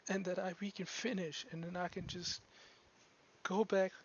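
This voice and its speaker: A man's voice: high voice, level tone, husky, highs cut off, voice pushed up. A man voicing a young woman who cries and stammers as she tells what she wants from life. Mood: tearful, pleading. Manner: halting, stammering through tears. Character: weeping young woman, a killer's daughter.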